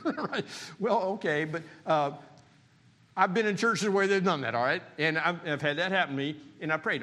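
A man pastor preaching a sermon in a church, swinging between animated emphasis and quiet, hushed appeals. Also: a little high, moderate pace, big-room sound. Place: church sanctuary.

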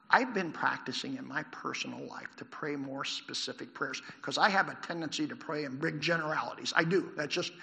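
A man preaching a sermon in a church, animated, asking the congregation questions. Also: on the high side, gravelly. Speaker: pastor. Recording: long hall reverb.

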